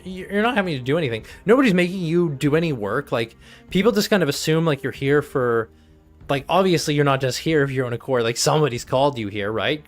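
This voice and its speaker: Rambling man running a tabletop game. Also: a little high. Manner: rambling, filler-heavy, laughing. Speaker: game master.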